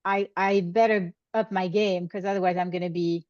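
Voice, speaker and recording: A woman's voice: fairly low pitch, fairly even intonation, moderate pace, a little mellow. A woman hosts a podcast interview and thinks aloud, restarting her phrases many times as she works out her point. Her voice sounds dull and slightly muffled. It is close to the mic and dry, with no room echo. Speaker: podcast host.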